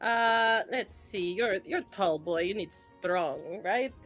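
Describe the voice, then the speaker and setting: A woman's voice: mid-range voice, takes it slowly, fairly bright tone, faint music behind. A woman voicing a chatty adventurer during a tabletop game, coaxing and full of fillers. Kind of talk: tabletop role-play.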